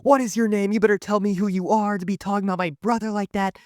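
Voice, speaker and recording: A woman's voice: deep voice, big pitch swings, a little fast, no room sound, studio quality, pitched above the performer's own voice. A man voicing a screaming furious teenage girl. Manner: screaming, confrontational. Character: furious teenage girl defending her little brother.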